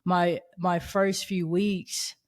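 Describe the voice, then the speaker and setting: A woman in her thirties hosting a faith podcast, telling a personal story in an earnest, expressive way and acting out the voices in it. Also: fairly low pitch, drawn-out words. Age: 30s. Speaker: podcast host.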